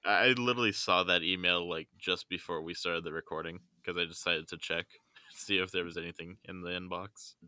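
A man's voice: low-pitched, fairly even intonation, brisk, pushed and bright, clean tone, no echo, clean studio sound. A man co-hosting a podcast in casual chat, hesitant and stammering, laughing often. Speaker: podcast co-host.

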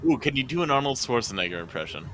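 A man's voice: mid-range voice, sing-song, rapid-fire, a bit bright, slight background noise. A man co-hosting a casual podcast chat, joking and laughing often. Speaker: podcast co-host.

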